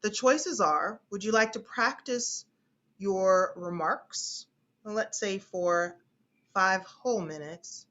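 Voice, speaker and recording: A woman's voice: mid-range voice, takes it slowly, fairly bright tone, highs cut off. A woman speech instructor from the United States, teaching an online class in a chatty way and often repeating her phrases.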